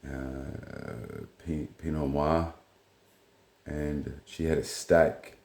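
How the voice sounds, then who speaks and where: Blunt, swearing man, very low voice, rambling anecdote in a roomy space. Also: very slow, vocal fry. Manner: blunt, profane, rambling, retells dialogue in flat quotes. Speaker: vlogger. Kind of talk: casual storytelling monologue.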